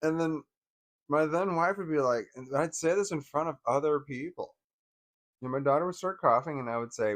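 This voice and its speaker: A man in his forties casually telling personal stories, wry and laughing at first, trailing off into bitter quiet. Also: mid-range voice, lively intonation, moderate pace. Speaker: vlogger.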